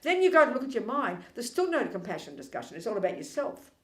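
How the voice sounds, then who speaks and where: A woman's voice: on the high side, fast talker. Lady buddhist teacher, punchy and sarcastic, voice bouncing round a roomy hall. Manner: animated, emphatic, provocative and ironic. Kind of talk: dharma teaching. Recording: echoey room.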